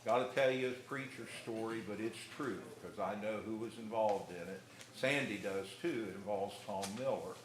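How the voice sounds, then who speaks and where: A middle-aged man preaching a sermon in a church, telling folksy stories with pauses and restarts. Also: fairly low pitch. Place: church hall. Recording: echoey room with faint noise.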